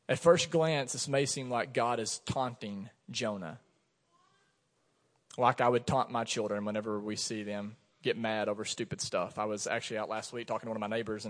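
A man's voice: fairly high pitch, big-room sound. A man, a pastor in his thirties, preaching a sermon in a conversational way, telling stories from his own life. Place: church sanctuary.

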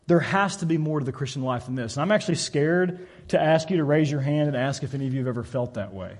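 A man's voice: high voice, animated, normal speed, husky. A man preaching a sermon in a church, telling a story and acting out the voices of its people. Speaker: pastor.

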